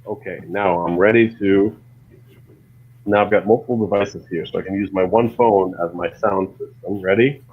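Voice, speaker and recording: Husky low-voiced man, lo-fi mic. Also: fairly even intonation, normal speed. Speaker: stream host. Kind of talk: casual stream chat. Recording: dull lo-fi mic.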